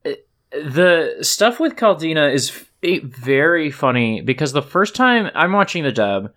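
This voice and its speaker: A man's voice: a little high, big pitch swings, a little slow, a bit bright. A man co-hosting a podcast in a casual discussion, telling anecdotes and swearing. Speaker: podcast co-host.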